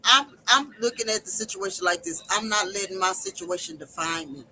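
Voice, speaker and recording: Impassioned woman with a sharp, tense voice. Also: mid-range voice, expressive, a little fast, slight background noise, rough recording. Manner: impassioned, preacherly, emotional. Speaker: livestream host. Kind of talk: personal testimony livestream.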